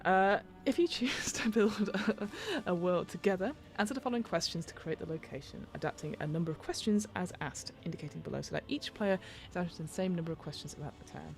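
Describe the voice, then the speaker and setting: A woman's voice: fairly low pitch, fast talker, creaky. A British woman hosting a podcast, reading a game rulebook aloud and breaking off into rambling, self-interrupting asides. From United Kingdom. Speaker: podcast host and game master.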